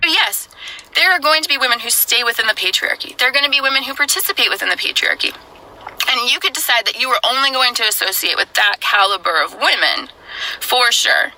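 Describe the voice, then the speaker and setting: Speaking a little fast in a sharp, animated voice on the high side, a woman earnestly lectures the viewer straight to camera in a played clip, and the audio is poor.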